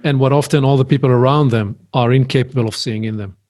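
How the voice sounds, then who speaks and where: A man hosting a podcast interview, friendly and quick to laugh. His voice sits at an ordinary mid pitch as he puts questions to his guest and reacts. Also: steady tone, darkish tone. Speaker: podcast host.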